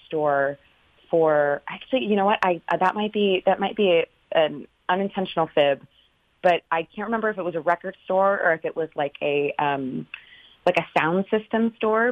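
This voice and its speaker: A woman from Northern California, a stage actress, telling stories in an animated, chatty way during an interview. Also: lowish voice, dry recording, narrow, tinny audio. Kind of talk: casual interview chat.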